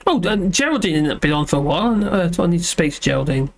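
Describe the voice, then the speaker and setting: Man with a fairly high voice, hosting a live chat from home; rambly, self-deprecating, lots of ums. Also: sing-song, fast talker, vocal fry. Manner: rambling, self-deprecating, many fillers and restarts. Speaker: livestream host reading chat.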